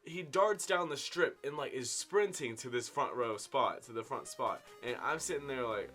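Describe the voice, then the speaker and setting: A man in his twenties tells a casual story-time tale to his viewers, with big swings in loudness and pitch. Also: animated, moderate pace, hardly any pauses, soft background music. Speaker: vlogger telling a story. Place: indoor room at home.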